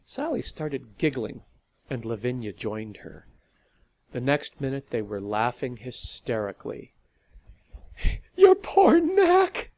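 The narrator of a serialized audio story, reading in a steady, measured way. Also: medium pitch, no room sound. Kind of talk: scripted narration.

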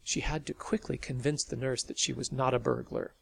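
Gravelly man narrating a story. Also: mid-range voice, fairly even intonation, brisk. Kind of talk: audiobook narration.

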